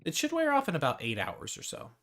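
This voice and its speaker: A man voicing an elderly woman healer in a tabletop game, calm, matter-of-fact and quietly teasing. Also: fairly high pitch, fast talker, voice pushed up, heavily acted.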